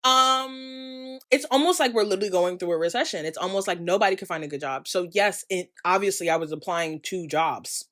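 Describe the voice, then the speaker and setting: A woman's voice: mid-range voice, fairly quick, fairly bright tone. A young woman from the United States giving a candid, passionate talking-head vlog, ranting with emphatic asides. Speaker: creator and vlogger.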